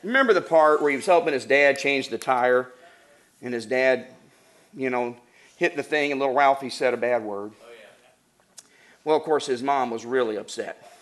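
A man's voice: medium pitch, moderate pace, pauses often. A middle-aged man preaching a sermon, telling funny stories and then laying out numbered points. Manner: animated, acts out voices, laughs while telling stories. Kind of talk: sermon with humorous storytelling.

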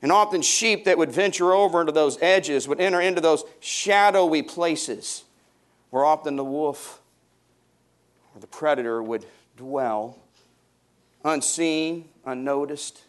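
A male pastor delivering a sermon, swinging between soft, hushed passages and loud, rising emphatic stretches, and calling on the congregation to respond. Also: a little high, a little slow.

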